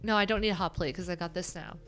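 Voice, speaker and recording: A woman's voice: fairly low pitch, quick pace, fairly bright tone, faint music behind. Chatty nasal woman streamer. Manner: chatty, rambling, self-deprecating. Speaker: livestream host. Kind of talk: casual livestream chat.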